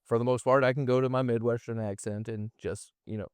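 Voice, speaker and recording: A man's voice: mid-range voice, steady tone, a little fast, a little mellow, smooth, no room sound. A man, an actor guest, talking casually and thoughtfully on a podcast, rambling with frequent restarts.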